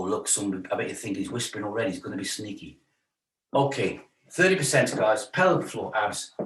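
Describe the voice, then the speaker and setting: A man's voice: medium pitch, fairly bright tone. A man leading a stretch class, chatty and joking while he counts the holds. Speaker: fitness instructor. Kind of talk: guided stretch class instruction. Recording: roomy sound from a distance.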